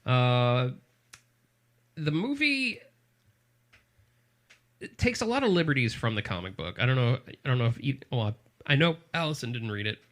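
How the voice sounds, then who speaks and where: A man hosting a casual movie podcast, talking in a rambling, halting way with many fillers. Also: medium pitch, big pitch swings, a bit bright. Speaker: podcast host. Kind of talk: casual chat about movies.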